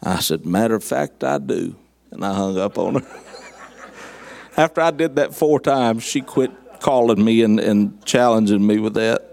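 A middle-aged preacher with a somewhat low voice tells stories from the pulpit. His delivery is folksy and wry, with jokes dropped in between the serious points. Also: a little slow, a little mellow. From southern United States. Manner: folksy storytelling with wry humor. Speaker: guest preacher. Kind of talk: sermon.

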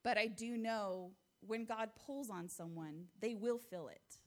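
A woman's voice: mid-range voice, measured pace. American woman, thirties, sharing a heartfelt church testimony. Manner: earnest, heartfelt storytelling with light laughs. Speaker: church member giving testimony. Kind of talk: testimony talk to a congregation.

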